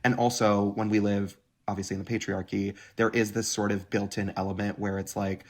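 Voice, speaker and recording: A man being interviewed as a guest writer, chatty and animated, peppering his talk with "like" and acted-out quotes. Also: fairly low pitch, fairly quick. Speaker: guest, writer and content creator. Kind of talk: conversational interview.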